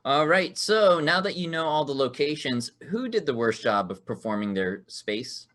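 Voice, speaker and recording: A man's voice: fairly high pitch, big pitch swings, normal speed, fairly bright tone. A man hosting an online improv comedy card game, upbeat and laughing often as he reads out the rules. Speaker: game show host.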